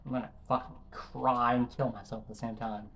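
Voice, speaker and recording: A man's voice: mid-range voice, level tone, fairly quick, fairly bright tone. A young man commentating his own gameplay, frustrated and swearing at the game as he keeps failing jumps. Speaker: gaming YouTuber. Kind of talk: let's play commentary.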